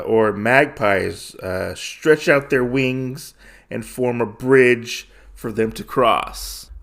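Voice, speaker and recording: A man's voice: medium pitch, creaky, fairly bright tone. Rambling man recapping a comic. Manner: rambling, filler-heavy storytelling. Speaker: podcast host.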